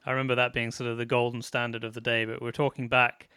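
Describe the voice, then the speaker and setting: Host guy, bright voice, dry close mic, easygoing. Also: mid-range voice, level tone, quick pace, clean tone, dry recording. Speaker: podcast host. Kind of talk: casual interview.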